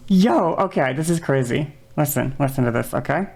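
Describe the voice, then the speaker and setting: A woman streaming live, chatting casually and excitably and swearing freely. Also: sits low, moderate pace, creaky, few pauses.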